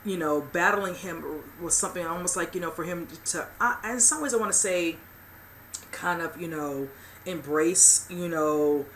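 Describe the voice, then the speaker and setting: A woman with a lowish, fairly bright voice recaps a TV episode at a moderate pace, rambling along with plenty of "you know" and "whichever." She hosts a TV recap channel, and there's a faint hiss or hum on the recording.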